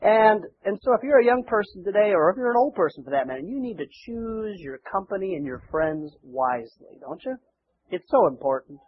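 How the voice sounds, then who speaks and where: A man's voice: high voice, very animated, moderate pace, breathy edge. A male pastor preaching a sermon in a conversational way, often asking rhetorical questions and repeating words. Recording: dull lo-fi church recording.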